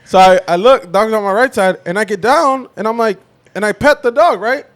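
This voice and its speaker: A man's voice: sits high, brisk, a bit bright. A young man on a podcast, telling a story in casual chat, swearing and acting out the voices of the people in it. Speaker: podcast co-host.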